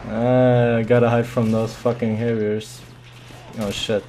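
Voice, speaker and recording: A man's voice: medium pitch, flat delivery, unhurried, warm tone, a little hiss or hum. A man commentating his own shooter match live, muttering and swearing with sudden yelps.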